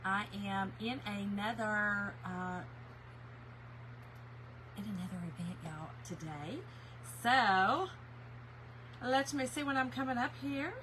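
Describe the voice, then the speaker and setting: A woman's voice: medium pitch, slow pace, long pauses, fairly bright tone, a little hiss or hum. A woman hosting a casual craft livestream, chatting and greeting viewers by name.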